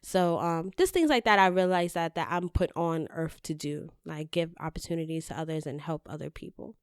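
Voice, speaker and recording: A woman speaking as a guest in a casual interview, candid and animated, cursing freely as she tells her stories. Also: sits low, normal speed, smooth, no room sound, clean studio sound. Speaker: podcast guest, editor-in-chief.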